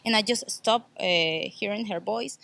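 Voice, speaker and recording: Shaken woman neighbor, halting speech. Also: mid-range voice, vocal fry, a bit bright, slight background noise. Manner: halting, shaken retelling with restarts. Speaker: neighbor witness. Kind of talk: interview clip.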